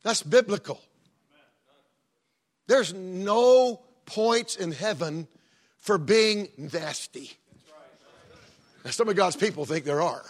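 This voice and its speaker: Folksy pastor, husky voice. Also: male voice, high-pitched, lively intonation, slow, pauses often. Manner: folksy, conversational preaching with joking asides. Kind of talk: sermon.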